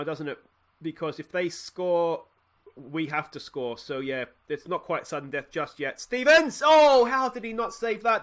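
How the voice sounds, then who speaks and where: A young Australian man commentating his own football management game, swinging from loud shouts at near misses to quiet musing. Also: fairly high pitch. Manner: bursts into shouts at near misses, then drops to musing mutters. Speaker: gaming let's play host.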